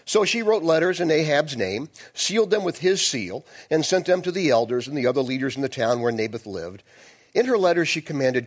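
Lively, chatty male preacher. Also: mid-range voice, fast talker. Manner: conversational, digressive, playful asides. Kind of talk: sermon with Bible reading.

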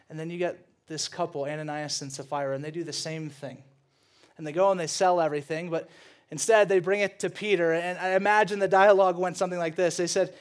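A young man preaching a sermon. He is animated and joking, and he laughs often as he retells stories. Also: sits high, a little fast. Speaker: pastor.

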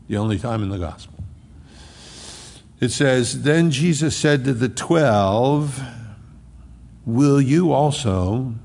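A male pastor delivers a sermon in a large church sanctuary, and his voice trails off in a long reverb. His mid-pitched voice carries a gravelly, fried texture. He swings between fervent, driving emphasis and quiet, low-voiced reflection.

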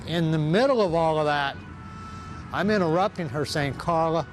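A man, telling his own story of forgiveness in an earnest, slow way. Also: a little high, noisy background. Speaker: testimony speaker. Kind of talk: personal testimony. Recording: music bed underneath.

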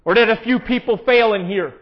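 A man's voice: sits high, brisk. A man preaching a sermon in an earnest, conversational way, with emphatic rises. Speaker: pastor. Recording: dull, lo-fi sound.

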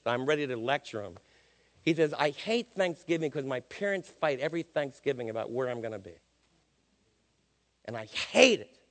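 A man's voice: a little high, big-room sound. An older man preaching a sermon, emphatic and questioning his listeners.

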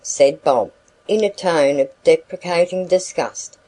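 Woman reading an old novel aloud, low mellow voice, takes her time. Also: slow pace, poor audio. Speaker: audiobook narrator. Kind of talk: scripted narration.

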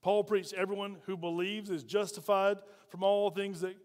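A man's voice: high voice, level tone, normal speed, darkish tone, in a large hall. A man preaching a sermon as pastor, folksy and full of call-and-response questions to the congregation.

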